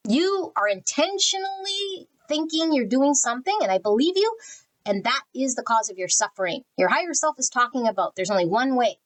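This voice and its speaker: A tarot reader whose voice sits high with big pitch swings moves briskly through a general pick-a-card reading on a rough recording. Her delivery is blunt and steeped in spiritual talk; she channels energy and names cards as she draws.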